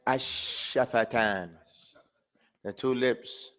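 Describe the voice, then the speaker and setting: A man's voice: mid-range voice, takes it slowly, a bit bright, dull audio. A man teaching a tajweed class, calling on students by name and switching between Arabic and English. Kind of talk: classroom lesson.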